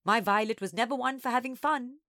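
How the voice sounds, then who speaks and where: A woman voicing a stern old woman with a quavering voice who gives curt, gruff commands. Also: a little high, a little fast, bright, forceful tone, dry recording, clean studio sound, voice pushed up. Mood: wry.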